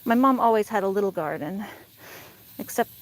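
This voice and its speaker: A woman's voice: medium pitch, lively intonation, normal speed. A woman chatting casually in her outdoor garden on a farm, rambling and laughing often. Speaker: vlogger. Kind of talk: casual chat.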